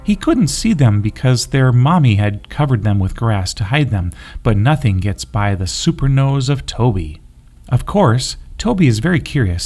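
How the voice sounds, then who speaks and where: A man reading a children's story aloud, gentle and expressive. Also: mid-range voice. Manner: gentle, expressive, sing-song.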